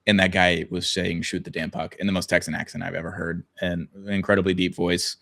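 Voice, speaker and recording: A man's voice: sits low, little pitch movement, a little fast, creaky, fairly bright tone. A young man co-hosting a sports podcast, rambling and joking with casual swearing. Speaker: podcast co-host.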